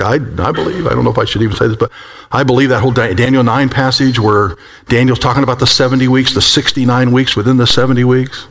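A man preaching a sermon, swinging between high, urgent exclaims and hushed, low passages, and acting out the voices of prophets. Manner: acts out quoted prophets with a rising voice. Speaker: pastor.

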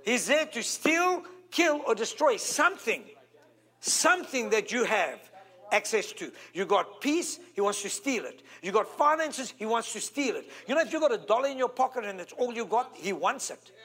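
A South African man preaching with a strikingly high voice. He talks in an animated way, drawing out key words and pausing to call for amens. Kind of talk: sermon.

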